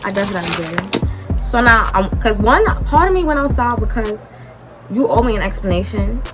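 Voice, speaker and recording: A young woman speaks, retelling her story in an animated, dramatic way and playing out both sides of the dialogue. Her voice sits in a middle range. Music plays clearly underneath her the whole time. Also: mid-range voice, moderate pace. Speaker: vlogger. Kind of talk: storytime vlog.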